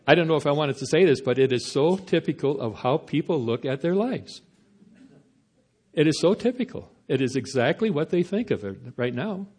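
Conversational male preacher, halting delivery. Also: on the high side, lively intonation, a little mellow, husky. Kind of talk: sermon.

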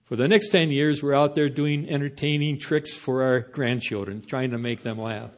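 Conversational male preacher, halting delivery. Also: medium pitch, fairly even intonation. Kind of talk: sermon.

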